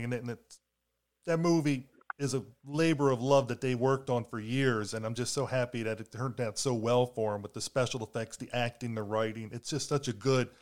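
A man hosting a podcast interview, talking casually with fan enthusiasm and stumbling over his starts. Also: mid-range voice. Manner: friendly fan enthusiasm, repeats words when starting.

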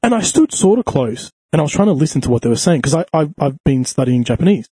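Aussie bloke rattling off a sweary story, quick and husky, dry mic. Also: male voice, on the high side, no echo. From Australia. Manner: crude, animated storytelling with frequent swearing. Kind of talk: casual podcast chat.

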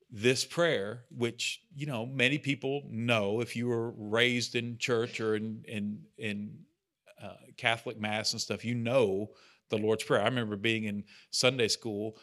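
A bible study leader with a lowish, slightly bright voice teaches casually. He leads the church group earnestly and makes self-deprecating asides.

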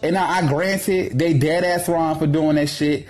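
A man ranting in a gossip commentary vlog, brash and profane, with a sassy, sharp-tongued delivery. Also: on the high side, fairly even intonation, a little slow, soft background music.

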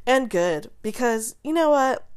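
A young adult woman hosting casual pop-culture commentary, talking in quick, animated, profane rants with a sarcastic edge and frequent laughter. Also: fairly high pitch, clear, resonant tone. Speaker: host.

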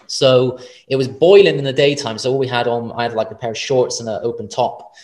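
A man's voice: mid-range voice, fairly quick, darkish tone. A man, a podcast guest telling a personal story in a casual, rambling way, swearing often and correcting himself mid-sentence.

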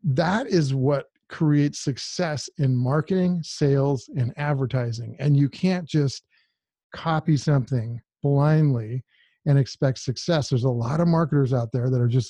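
A man's voice: mid-range voice, a little slow, warm tone, no echo. A man co-hosting a podcast, talking in a direct, emphatic, casual way. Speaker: podcast co-host.

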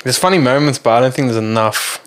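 A man's voice: medium pitch, fast. A man co-hosting a podcast, chatting casually and rambling through his points with fillers. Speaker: podcast co-host. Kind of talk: casual chat.

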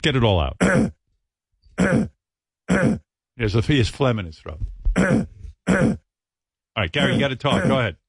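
A man's voice: mid-range voice, expressive, very fast, gravelly, few pauses, breathy edge, no room sound. A man hosting a radio show, bantering casually and rambling as he gropes for words. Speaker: radio host. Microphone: studio microphone.

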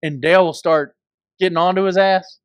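A man's voice: high-pitched, fairly even intonation, a little fast, smooth, dry recording, studio quality. A man co-hosting a podcast, teasing and playful in casual chat. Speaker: podcast co-host.

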